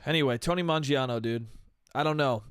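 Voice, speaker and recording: A man's voice: mid-range voice, normal speed, fairly bright tone, clean tone, dry recording, clean studio sound. A man hosting a solo comedy podcast, rambling casually and swearing, with "dude" and "bro" at the end of his sentences. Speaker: podcast host.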